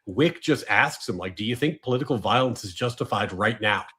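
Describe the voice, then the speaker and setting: A man's voice: medium pitch, expressive, a little fast, sharp tone. Man hosting a casual political podcast. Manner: conversational, reads chat messages. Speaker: lawyer and podcast host.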